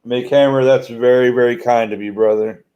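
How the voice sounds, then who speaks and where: A man's voice: mid-range voice, fairly even intonation, normal speed, muffled recording. A man hosting a live-stream charity auction, calling out bids in a folksy way. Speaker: auction host.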